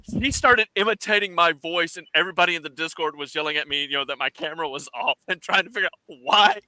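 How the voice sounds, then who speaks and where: A man's voice: fairly high pitch, fast talker, dry recording, low-quality recording. A man telling a funny story casually on a gaming stream, laughing, with lots of fillers. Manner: animated, laughing, many fillers. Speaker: player on a tabletop game stream.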